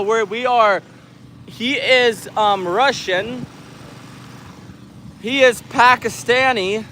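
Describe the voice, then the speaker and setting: Man, from the US, livestream host, jokey, high-pitched, faint traffic behind. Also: sharp tone. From United States. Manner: jokey, laughs often, reads comments aloud. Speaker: livestream host reading chat. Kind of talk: casual live chat. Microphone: handheld camera mic.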